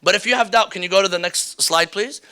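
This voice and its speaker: Bright, clear-voiced male lecturer. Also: high-pitched. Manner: explanatory, repeats key rulings, acts out quick examples. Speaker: religious teacher. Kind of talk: workshop lecture. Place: indoor hall or classroom with slides.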